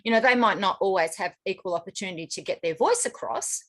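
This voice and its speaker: A woman's voice: medium pitch, expressive, fast talker, fairly bright tone. An Australian woman co-hosting a podcast in casual chat, with chatty, self-mocking asides. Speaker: podcast co-host.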